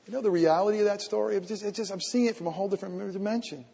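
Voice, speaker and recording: A man preaching a sermon as pastor, moving from quiet, intimate asides to loud, impassioned shouts, repeating phrases for emphasis with stumbling restarts. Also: high-pitched, rapid-fire, creaky, slightly rough, big-room sound.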